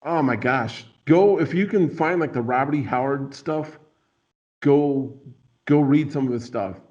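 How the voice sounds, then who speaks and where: Playful rambling male host, mid pitch, dull lo-fi recording. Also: a little slow, darkish tone. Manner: rambling, filler-heavy, playful. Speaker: podcast host. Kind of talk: casual chat. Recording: dull lo-fi sound.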